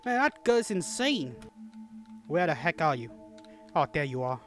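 With faint music in the background, a young man whose voice is on the high side and fairly bright speaks very animatedly, unhurried and pausing often. He does horror game let's play commentary on his channel, talking to the characters and yelping or screaming when startled.

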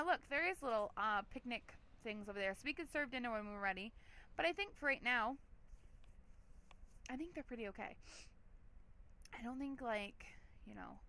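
A woman's voice: medium pitch, bright, forceful tone. A woman hosting a let's play, giving chatty, giggly gameplay commentary with a lot of "like".

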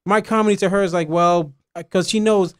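A man's voice: high-pitched, steady tone. A man with a New Jersey accent, a guest comedian in the studio, talking casually and stumbling over repeated words. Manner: halting, repeats himself. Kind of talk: casual chat. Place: radio studio.

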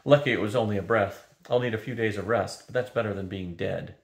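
A man's voice: on the low side, a little fast, close to an everyday voice. An older man voicing a stern female dragon, grave and urgent, reading a storybook aloud. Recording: roomy echo.

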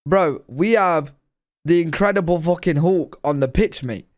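A man's voice: a little high, unhurried. A young British man reacting to sports clips with hyped, slangy, swearing commentary. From Britain. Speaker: reaction video host. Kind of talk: excited casual reaction commentary. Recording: music playing loud behind voice. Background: hip hop music.

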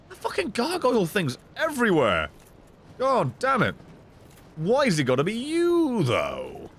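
Guy swearing and laughing his way through a game stream, bouncy pitch, faint hiss behind. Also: fairly bright tone. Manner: sweary, joking and quick to laugh. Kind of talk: casual gameplay commentary.

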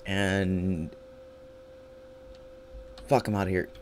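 A man's voice: low voice, little pitch movement, drawn-out words, a little hiss or hum. A man giving live gameplay commentary, swearing constantly and swinging between panicked yelps and frustrated grumbling. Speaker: gaming channel host.

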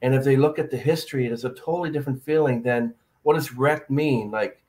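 A man's voice: mid-range voice, fast, a little mellow. A man hosting a casual podcast interview, chatting and reading out viewer comments. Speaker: podcast host.

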